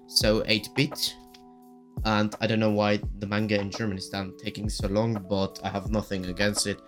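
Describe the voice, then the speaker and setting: Man, podcast host, low voice, cracking voice, gushing, rambling with fillers, faint guitar music in background. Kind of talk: casual solo chat.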